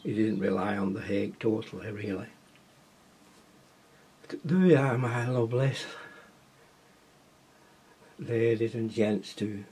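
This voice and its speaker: A man's voice: fairly low pitch, slow pace, long pauses, warm tone, breathy edge. A man with a Wigan accent, teaching watercolour painting in a casual, chatty way, often asking viewers questions and muttering to himself as he paints. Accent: Wigan, Lancashire. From Wigan, England.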